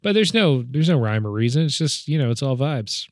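A man's voice: mid-range voice, very animated, a little fast, dry recording, clean studio sound. A man co-hosting a podcast, chatting casually about a movie, rambling and acting out lines with laughs. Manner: rambling, acts out quotes with laughs. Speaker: podcast co-host. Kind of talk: casual film discussion.

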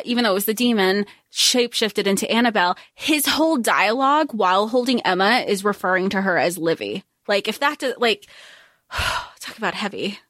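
A woman with a mid-range voice, chatting about a novel in an animated, rambling way. She slips into the characters' voices as she goes. The recording is dry and close. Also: mid-range voice, dry recording. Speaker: podcast co-host. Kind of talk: casual book recap chat.

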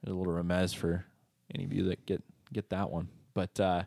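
A man's voice: low voice, level tone, fairly quick, gravelly, darkish tone, no room sound, clean studio sound. A man co-hosting a church podcast in casual chat, joking and sarcastic. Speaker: podcast co-host.

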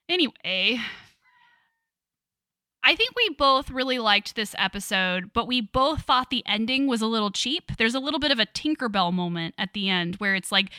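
A young adult woman co-hosting a podcast in casual chat, amused and quick to joke. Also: a little high, expressive, pushed and bright, dry recording, studio quality. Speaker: podcast co-host.

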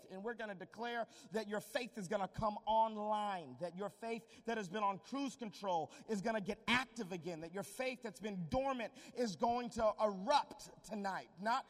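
A man's voice: high-pitched, normal speed, hardly any pauses. A man preaching a live sermon in an emphatic way, urging the crowd to call back to him in a large hall. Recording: long hall reverb.

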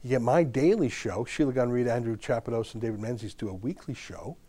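A man's voice: mid-range voice, a little fast, mellow, no echo. A male podcast host gives a pointed political monologue. He leans on rhetorical questions and emphasis. His voice sits in a middle register, and the recording is close and dry.

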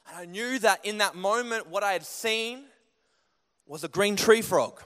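A young man preaching a sermon in a church, telling stories in an animated way that climbs higher and louder as he gets going. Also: normal speed, smooth. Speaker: pastor. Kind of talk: sermon with personal storytelling. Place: church hall. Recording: long hall reverb.

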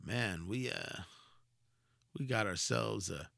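A man's voice: lowish voice, slow pace, creaky, pushed and bright, no echo. Male talk-radio host, combative and emphatic, piercing tone, dead-dry studio sound. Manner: combative, emphatic, sarcastic asides. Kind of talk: opinionated political commentary.

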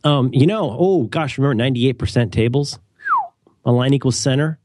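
A middle-aged man co-hosting a podcast and reading an ad in a jokey, rambling, animated way. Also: brisk, a little hiss or hum. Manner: animated, rambling, jokey, with sudden high leaps. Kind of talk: casual podcast chat.

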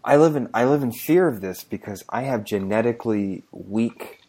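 A man's voice: medium pitch, expressive, normal speed, dark tone. A man in his thirties co-hosting a podcast, talking in an easygoing casual chat and chuckling now and then. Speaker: podcast co-host.

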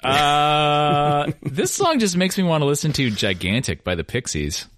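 A man's voice: a little high, big pitch swings, a little slow, fairly bright tone. A man co-hosting a casual, comedic music chat, joking and laughing often. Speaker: podcast co-host.

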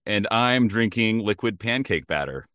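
Man co-host, very low voice with lively swings, dry close sound, playful banter. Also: normal speed, no echo. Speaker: podcast co-host. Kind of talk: casual movie recap chat.

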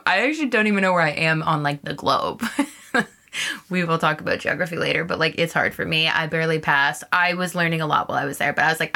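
A woman's voice: low-pitched, quick pace, gravelly. Candid young woman storyteller. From Canada. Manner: animated and candid, swears freely. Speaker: podcast host. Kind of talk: casual storytelling monologue.

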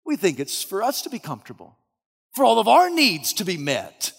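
High, gravelly, animated preacher. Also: male voice, moderate pace, in a large hall. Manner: storytelling in the second person, swinging from hushed to shouting. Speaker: pastor. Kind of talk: sermon.

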